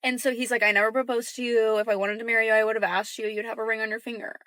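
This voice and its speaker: Bright-voiced young woman telling a story. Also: a little high, little pitch movement, rapid-fire, dry recording. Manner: chatty, acts out quoted dialogue in a hushed voice. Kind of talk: casual storytelling.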